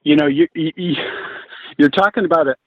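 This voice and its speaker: A man talking as a guest, telling relaxed stories with frequent restarts. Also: a little high, fairly quick, a little hiss or hum. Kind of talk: casual storytelling interview. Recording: tinny phone line, husky and dry.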